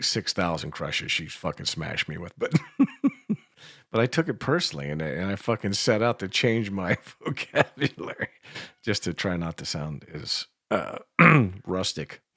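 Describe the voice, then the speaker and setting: Speaking from a radio studio with no echo and studio-quality sound, this Appalachian-accented co-host has a low, husky, slightly bright voice that is very animated yet unhurried. He swears freely, laughs a lot and spins self-deprecating stories as the casual conversation rolls on.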